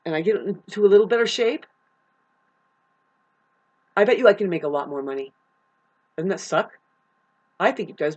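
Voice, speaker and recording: A woman's voice: mid-range voice, husky. A middle-aged woman venting at home in a rambling, agitated personal monologue, swearing often. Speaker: vlogger.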